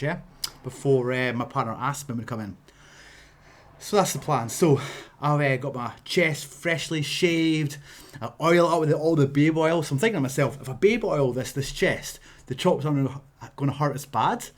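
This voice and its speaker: Animated Scottish man telling a story. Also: fairly high pitch. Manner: animated, laughing, punchy sound effects. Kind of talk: casual storytelling vlog.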